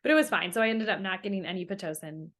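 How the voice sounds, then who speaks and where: A woman's voice: medium pitch, racing, a bit bright. Young woman chatting as a guest, lots of likes and ums, quoting people as she goes. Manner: chatty, many fillers, quotes others in her story. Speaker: interview guest. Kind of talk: casual interview storytelling.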